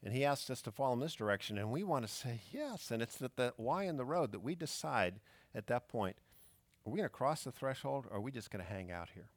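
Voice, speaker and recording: A man's voice: medium pitch, lively intonation, fairly quick, no room sound. A man preaching a sermon as pastor, emphatic and fond of rhetorical questions.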